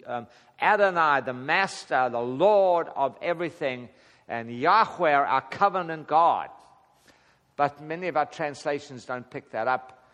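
A man leads a relaxed Bible study, his fairly high voice carrying a long echo around the hall. He chuckles often and slips into dramatic voices for the prayers he quotes. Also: measured pace. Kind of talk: casual Bible teaching to a group.

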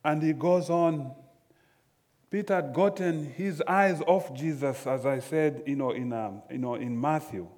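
A man preaching a sermon slowly and emphatically, often repeating phrases. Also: on the high side, darkish tone.

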